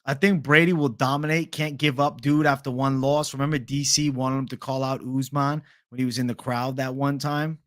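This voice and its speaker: A man's voice: medium pitch, little pitch movement, moderate pace, hardly any pauses, dry recording, studio quality. A young man hosting a casual livestream, reading viewer questions aloud in a laid-back, profane bro manner. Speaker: livestream host.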